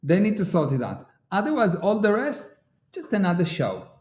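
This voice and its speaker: Animated higher-voiced man. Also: moderate pace. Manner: animated storyteller, acts out quotes. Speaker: host. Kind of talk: casual livestream chat.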